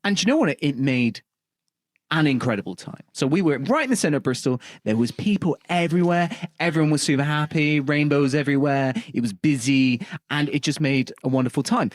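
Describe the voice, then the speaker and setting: A man's voice: a little high, brisk. A man co-hosting a podcast, rambling through a comic story and laughing often. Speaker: podcast co-host. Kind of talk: casual comedic chat.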